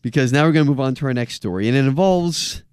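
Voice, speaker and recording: A man's voice: mid-range voice, fast talker, a little mellow, clean tone, no echo, clean studio sound. A man hosting a podcast in casual chat, joking and stressing his points with emphasis. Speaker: podcast host.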